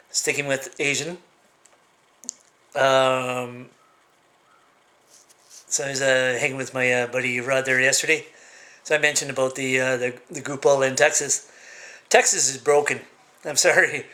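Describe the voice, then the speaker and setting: A man vlogging in a casual monologue, rambling and halting with lots of fillers and restarts, giving blunt, opinionated rants. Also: medium pitch, fairly even intonation, pushed and bright.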